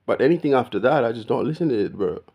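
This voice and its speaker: A man's voice: mid-range voice, lively intonation, quick pace, gravelly, darkish tone, slightly rough. A man talking casually straight to the viewer in a rambling monologue, often calling the listener "bro" and mimicking the greetings of other people. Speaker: vlogger.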